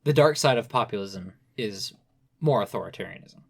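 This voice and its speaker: A man's voice: lowish voice, animated, moderate pace, creaky, husky. Man, young adult, podcast guest, casual chat, rambling, frequent fillers. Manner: rambling, restarts often, many "you know" fillers.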